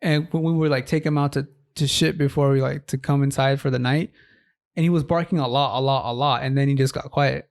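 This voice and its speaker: A man's voice: medium pitch, steady tone, a little fast. Swearing young man rambling through a story. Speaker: podcast co-host. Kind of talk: casual chat.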